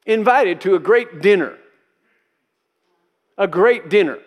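A man with a notably high voice preaches a sermon in an emphatic style. He drives his points home by repeating key phrases and briefly acts out the people he quotes. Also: lively intonation, takes it slowly. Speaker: pastor.

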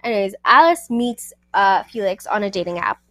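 A woman hosting a book review podcast in a sassy, animated, casual way, talking back to the characters. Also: mid-range voice, normal speed, no echo.

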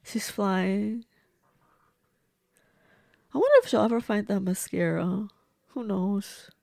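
A woman's voice: mid-range voice, slow pace, gravelly, darkish tone, no room sound, clean studio sound. A woman giving casual, blunt, reactive commentary as she watches and reviews a movie. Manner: chatty, blunt and reactive, swears freely.

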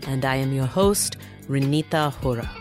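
Low-voiced woman hosting a podcast. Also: moderate pace, over music. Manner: polite, grateful. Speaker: podcast host. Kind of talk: podcast outro.

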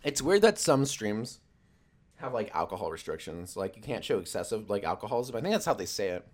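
A young man rambles casually on a stream, joking loosely, swearing often and using lots of fillers. His voice sits on the low side, sing-song and fairly quick.

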